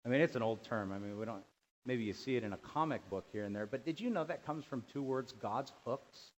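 A man preaching a sermon as pastor, animated, dropping to quiet asides and rising to loud emphatic bursts. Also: medium pitch, brisk, slight background noise. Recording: dull lo-fi sound.

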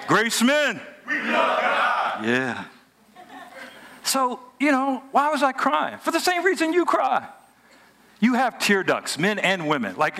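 High, bright-voiced male pastor preaching. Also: a little hiss or hum. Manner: animated, humorous conversational preaching. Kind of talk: sermon.

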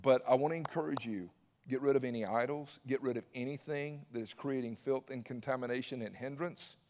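A man preaching a conversational, energetic sermon with folksy asides. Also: mid-range voice, a little fast, in a large hall. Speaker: pastor.

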